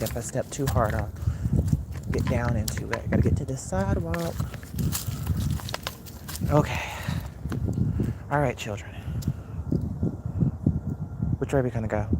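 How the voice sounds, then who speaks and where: A woman's voice: very deep voice, normal speed, pauses often. Woman chatting on a phone walk. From Mississippi. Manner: chatty, coaxing the dogs between remarks to viewers. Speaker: livestreamer. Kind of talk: casual live-stream chat. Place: outdoors on a city walk. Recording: phone audio with loud outdoor noise. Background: loud outdoor noise.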